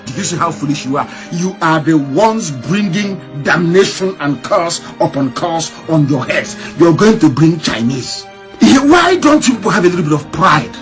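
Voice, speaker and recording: A man delivers a fiery political monologue in a high-pitched voice that leaps up and down in wide swings. He is scornful and mocking, hammering his listeners with rhetorical questions. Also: sing-song, moderate pace, a bit bright, faint music behind. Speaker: broadcaster.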